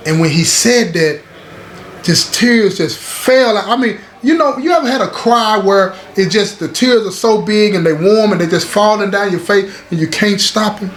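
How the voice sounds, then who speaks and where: A man with a fairly high speaking voice tells a story in a casual, emphatic way. He repeats key lines and calls on his listeners to pay attention. The room sounds echoey, with a faint hiss behind him. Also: normal speed. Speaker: storyteller host. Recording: roomy echo, faint background hiss.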